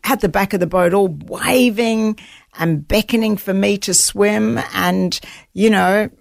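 A woman's voice: mid-range voice, measured pace, gravelly, dry recording, studio quality. A woman telling an earnest, vivid story of surviving at sea, quoting her own thoughts as she goes. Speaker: guest, author recounting survival at sea. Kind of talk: storytelling interview.

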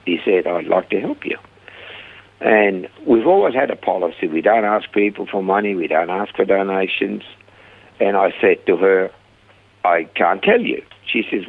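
A man guest telling lively stories about his ministry, acting out the people he quotes, heard over a phone line. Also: low voice, moderate pace, vocal fry, husky, dry recording. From Australia. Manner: animated storyteller, acts out quoted voices. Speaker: guest, rehab ministry founder. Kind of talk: conversational storytelling interview. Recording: dry phone-line sound.

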